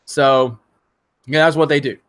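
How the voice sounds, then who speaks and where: A man with a slightly high voice hosts a casual live stream, reading viewer comments aloud. He talks in a rambling, frustrated way, full of restarts and fillers, and swears when he gets worked up. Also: fairly even intonation, measured pace, fairly bright tone, clean tone.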